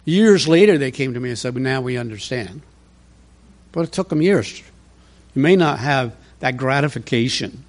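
A man's voice: medium pitch, lively intonation, moderate pace. A man preaching a conversational verse-by-verse sermon, emphatic and fond of rhetorical questions. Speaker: pastor. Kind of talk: expository sermon.

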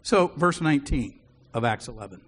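A man's voice: mid-range voice, animated, moderate pace, fairly bright tone, husky. A man preaching a sermon, telling a personal story with frequent chuckles. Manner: chuckles often while telling stories.

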